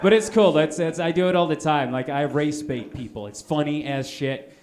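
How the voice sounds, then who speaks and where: A man's voice: fairly high pitch, moderate pace, crowd noise. A man from Norway doing a live stand-up set in a comedy bar, rambling with stammered restarts and punchy asides.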